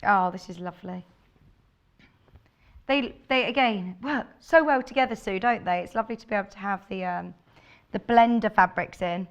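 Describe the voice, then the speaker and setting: A woman's voice: medium pitch, moderate pace, clean tone, lo-fi sound. A woman presenting fabrics live on a shopping channel, chatty and gushing as she reads out viewer messages. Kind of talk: live on-air product presentation.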